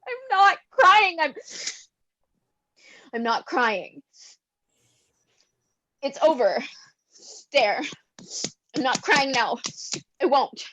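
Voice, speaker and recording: A woman's voice: high voice, expressive, a little slow, dry recording. A woman playing a despairing young woman of twenty-three, crying through her lines in a cold read over a video call. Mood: sobbing. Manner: sobbing, anguished outbursts. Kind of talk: cold-read stage drama.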